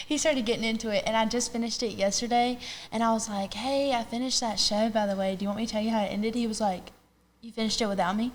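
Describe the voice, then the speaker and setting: Woman, young adult, podcast guest, casual chat, higher pitch, faint noise. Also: fast talker. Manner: chatty, animated.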